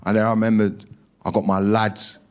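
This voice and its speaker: A young man doing stand-up on a club stage, his voice sitting fairly low. He tells the story in a punchy way and acts out the lines of others. A faint hiss of noise sits under the live club recording. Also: little pitch movement, fairly quick. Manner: punchy storytelling with acted-out quotes and swearing. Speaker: stand-up comedian. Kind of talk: stand-up comedy set.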